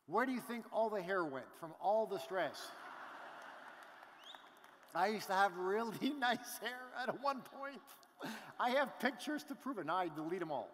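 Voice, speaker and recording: Motivational stage speaker, man, middle-aged, lively storyteller, hall reverb. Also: high-pitched, unhurried, long pauses. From Canada. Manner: animated storytelling with crowd asides. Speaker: business event speaker. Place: large event hall.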